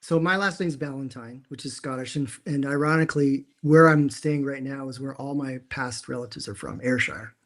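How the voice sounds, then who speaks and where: A man's voice: medium pitch, moderate pace, few pauses. A man, co-hosting a casual chat from a dim room at home over a video call, telling stories with lots of restarts. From Canada. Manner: animated storyteller with many restarts. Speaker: co-host.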